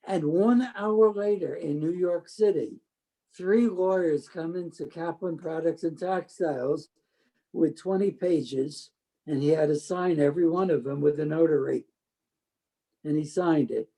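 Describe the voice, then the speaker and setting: A man's voice: fairly high pitch, measured pace, dark tone. An older man telling a personal story in an oral history interview, blunt and plainspoken. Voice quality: gravelly.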